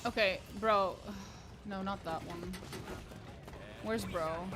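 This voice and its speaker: A woman's voice: medium pitch, slow pace, background noise. A young woman streaming a game, chatting casually with viewers, swearing often and getting exasperated. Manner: frustrated, swears freely, chats with viewers. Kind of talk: casual live-stream chat while playing.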